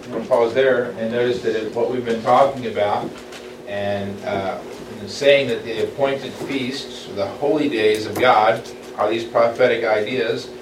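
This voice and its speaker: A man leading a small group Bible study, reading scripture aloud and pausing with halting, restarting comments. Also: mid-range voice, fairly even intonation. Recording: echoey room, distant mic, background noise.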